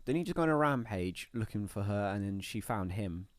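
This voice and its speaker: A man's voice: fairly low pitch, animated, brisk, no room sound. Rambling man with a dry sound. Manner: rambling, laughs easily. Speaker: podcast co-host. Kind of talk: casual chat.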